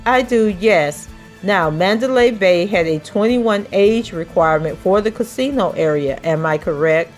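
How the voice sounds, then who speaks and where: A woman podcast host reading a trial transcript aloud, voicing the questioning in a measured, even way. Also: fairly low pitch, faint music behind.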